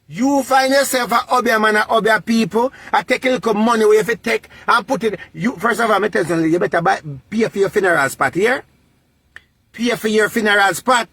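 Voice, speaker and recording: A man with a Jamaican accent and a notably high voice, lecturing someone in a vlog rant. He hammers points by repeating them in a sing-song, preacher-like cadence. The sound is close and dry. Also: a bit bright, no echo. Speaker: vlogger. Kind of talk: scolding social media rant.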